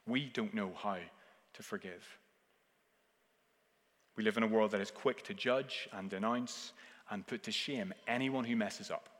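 A man preaching a sermon earnestly, swinging between forceful emphasis and hushed, intense passages. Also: on the low side, a little slow, long pauses. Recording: long reverb of a large hall.

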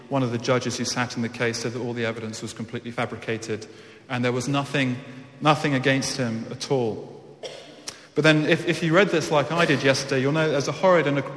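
A man's voice: medium pitch, fairly bright tone. A man preaching an earnest, emphatic sermon. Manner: earnest, emphatic with repeated words. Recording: echoey hall.

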